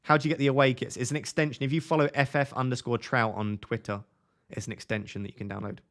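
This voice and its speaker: Young male streamer, mid-pitched, casual and chatty, answers live chat. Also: fairly even intonation, fast, a bit bright. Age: 20s. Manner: chatty, reads viewer comments aloud and answers them.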